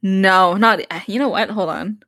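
A woman's voice: mid-range voice, normal speed, sharp tone, dry recording, clean studio sound. A tipsy woman chatting casually, giggling often and swearing freely. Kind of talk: casual chat.

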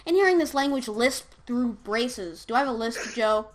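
A woman's voice: on the high side, animated, moderate pace. A young woman co-hosting a casual chat, reading an article aloud with brash, mocking commentary and frequent swearing. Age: teenager. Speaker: co-host.

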